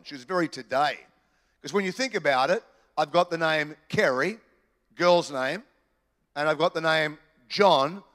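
A man preaching a sermon in church, animated and joking with the congregation. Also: a little high, in a large hall. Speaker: pastor. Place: church hall.

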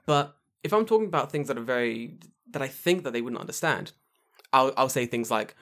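A man's voice: medium pitch, expressive, fairly quick, a bit bright. A man co-hosting a casual podcast, talking emphatically and swearing freely as he makes his point. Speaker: podcast co-host.

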